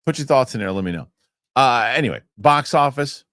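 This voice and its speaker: A man's voice: medium pitch, brisk, no echo, clean studio sound. A man co-hosting a casual film podcast, telling stories with lots of swearing. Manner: animated storyteller, swears freely. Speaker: podcast co-host.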